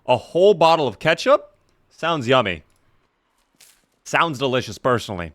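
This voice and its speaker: A man streams a video game, chatting casually with viewers by name and joking in a mock-formal way while talking around a sore in his mouth. His medium-pitched voice is fairly bright, with big pitch swings, a moderate pace and long pauses.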